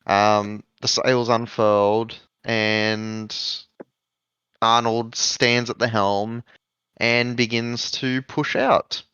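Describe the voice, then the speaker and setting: An Australian man narrating a tabletop game as game master in an unhurried, laid-back way. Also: fairly low pitch, level tone, fairly bright tone, clean tone, no room sound. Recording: slightly muffled, dry home mic.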